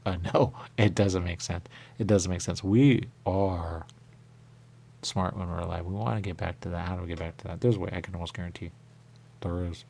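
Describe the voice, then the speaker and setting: A man hosting a radio show, rambling through a spiritual monologue with a repeated refrain and sudden high voices when he quotes others. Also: steady tone, fast talker, creaky, darkish tone, breathy edge. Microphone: radio studio mic.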